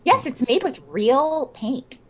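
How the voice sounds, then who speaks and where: A woman playing a tabletop game over a call, playful in character. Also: sits high. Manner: lively and playful, drawn-out. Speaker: player. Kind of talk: tabletop role-play over a video call.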